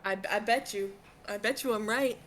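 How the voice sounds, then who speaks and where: A young woman co-host in casual chat, trading quick teasing banter. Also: mid-range voice, fairly bright tone, a little hiss or hum.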